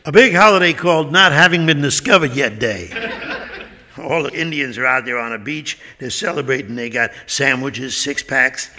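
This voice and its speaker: A man telling a comic story as a stand-up routine, animated and lively. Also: mid-range voice, normal speed, big-room sound. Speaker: comedian.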